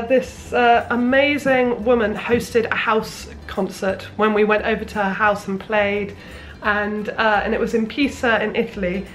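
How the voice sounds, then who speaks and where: A woman's voice: on the high side, fairly bright tone. A young woman, a sewing vlogger, chatting casually at her parents' house with plenty of ums and restarts. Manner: chatty, rambling, lots of fillers. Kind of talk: casual chat.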